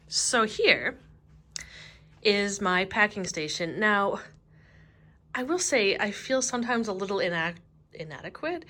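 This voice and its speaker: A woman in her thirties giving a casual tour of her small business office, chatty and laughing often, talking fast enough to get out of breath. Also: medium pitch, a bit bright. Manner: chatty and giggly, laughs often mid-sentence. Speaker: small business jewelry maker. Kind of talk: casual studio tour vlog. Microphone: handheld camera while walking around.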